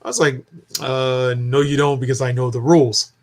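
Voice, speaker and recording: Man, middle pitch, chatty storyteller who acts out the dialogue. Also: normal speed. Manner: animated storytelling, acting out quoted dialogue. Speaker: storyteller in casual chat. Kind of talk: casual chat.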